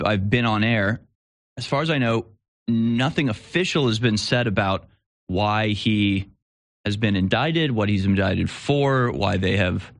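A man's voice: on the low side, no room sound, studio quality. A man hosting a live commentary show, talking in a rambling way with restarts and sarcastic asides. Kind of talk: casual opinion commentary.

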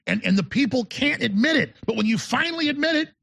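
High gravelly guy hosting a talk show, ranting, husky, keeps repeating himself. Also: expressive, quick pace, fairly bright tone. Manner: emphatic, rambling, repeats words. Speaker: show host. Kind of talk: talk radio monologue.

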